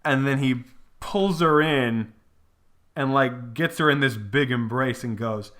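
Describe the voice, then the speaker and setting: A young man rants about films in a loose, rambling way. His voice is bright and forward, he swears freely, and he keeps laughing and slipping into mocking impressions. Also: mid-range voice, measured pace. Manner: profane, rambling, laughs often, breaks into exaggerated impressions. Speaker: movie reviewer host. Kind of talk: casual solo movie rant.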